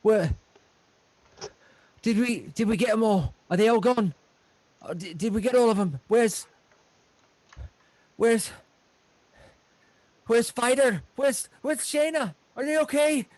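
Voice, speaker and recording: A man's voice: very high voice, slow pace, long pauses, darkish tone, dry recording, voice pushed up. A man voicing a frantic, worried young male halfling.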